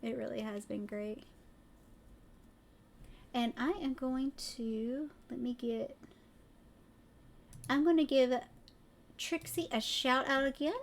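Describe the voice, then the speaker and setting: Southern US woman streamer, chatty and excitable, pitch a bit high. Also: slow pace, long pauses. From Tennessee. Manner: excitable, rambling, goes off on tangents. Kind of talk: casual chat.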